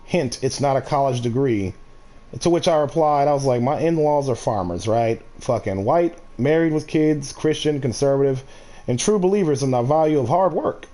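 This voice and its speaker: Profane rambling man, mellow voice. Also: mid-range voice, normal speed. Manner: rambling, profane, restarts often. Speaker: streamer. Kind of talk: casual ranting while gaming.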